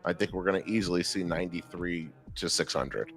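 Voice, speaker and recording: A man's voice: low voice, fairly quick, a bit bright, soft background music. A man co-hosting a live trading stream in casual, hyped banter, swearing now and then. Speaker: trader co-host.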